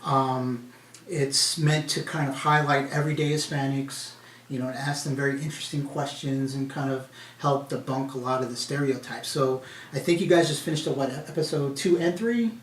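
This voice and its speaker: A man casually interviewing a colleague in an office, asking relaxed, chatty questions. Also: mid-range voice, moderate pace, a little hiss or hum. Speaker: interviewer, company head. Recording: echoey room from a distance.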